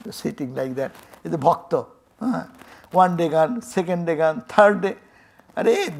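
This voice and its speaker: A man's voice: a little high, creaky. An older man with an Indian English accent, a swami telling a devotional story in a sermon and acting out its dialogue with chuckles. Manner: animated, acts out dialogue, chuckles often. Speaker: swami giving a temple talk.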